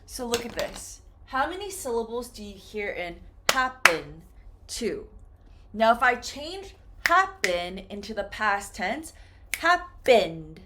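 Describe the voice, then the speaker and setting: Slow, lively woman teaching English. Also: mid-range voice, a little hiss or hum. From United States. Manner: slow, clearly modeled example words. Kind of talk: classroom lesson on pronunciation.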